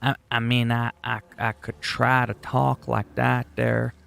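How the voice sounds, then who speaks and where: A man's voice: medium pitch, little pitch movement, unhurried, creaky, a bit bright, clean tone. A man chatting casually on a gaming livestream, rambling and goofy, often poking fun at himself. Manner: rambling, goofy, self-deprecating.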